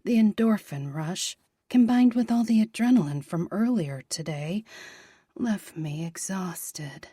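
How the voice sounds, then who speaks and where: A woman narrating a romance audiobook in a soft, breathy, half-whispered voice. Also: mid-range voice, lively intonation, unhurried, no echo, clean studio sound.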